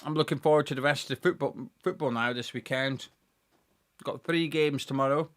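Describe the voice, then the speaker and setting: A young man hosting a live football watch-along, chatting excitedly and reading out viewers' messages. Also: fairly high pitch, a little fast. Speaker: fan channel host.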